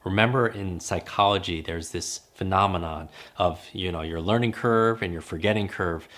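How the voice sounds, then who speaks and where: A man's voice: sits low, normal speed, fairly bright tone. A man hosting a podcast as a memory coach, teaching in an emphatic, coaching way and repeating key phrases for effect. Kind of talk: instructional podcast talk.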